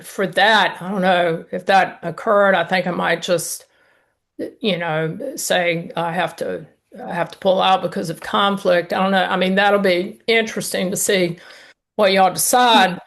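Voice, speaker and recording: A woman with a gravelly, creaky voice. She thinks aloud on a panel, hesitant and folksy, with many fillers. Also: lowish voice, fairly even intonation, a little slow, fairly bright tone. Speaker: mediator. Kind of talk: panel discussion.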